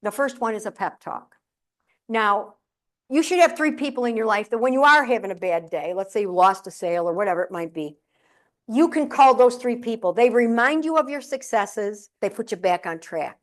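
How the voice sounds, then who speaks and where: Animated woman telling funny stories on stage. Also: a little high, normal speed. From upstate New York. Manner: animated, acts out family members' voices. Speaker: keynote speaker and humorist. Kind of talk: humorous keynote storytelling. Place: conference room with audience.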